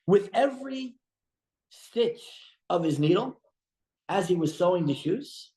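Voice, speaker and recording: Man, rabbi, teaching a study class, storytelling, restarts often, higher voice, echoey room. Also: a little slow. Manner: animated, retells stories with frequent restarts. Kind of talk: storytelling religious lesson. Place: room at a breakfast study group.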